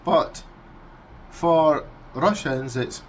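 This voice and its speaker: A Scottish man vlogging casually, unhurried and amused, breaking into animal noises. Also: fairly high pitch. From Scotland. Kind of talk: casual explainer vlog.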